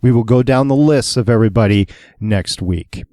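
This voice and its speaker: A man's voice: medium pitch, normal speed, warm tone, no room sound, studio quality. Emphatic, teasing man co-hosting a podcast. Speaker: podcast co-host. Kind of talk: casual podcast chat.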